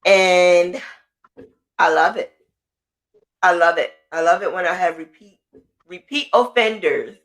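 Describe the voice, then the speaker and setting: A woman hosting a podcast in a casual monologue. She talks in a chatty, motivational way with frequent fillers, and her voice jumps up in excitement when she quotes her own thoughts. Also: fairly low pitch, slow pace, long pauses. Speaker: podcast host.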